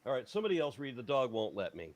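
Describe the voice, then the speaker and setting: A man's voice: mid-range voice, big pitch swings, rapid-fire. A man hosting a casual panel chat over a video call, reading scripture aloud in a jokey, irreverent way.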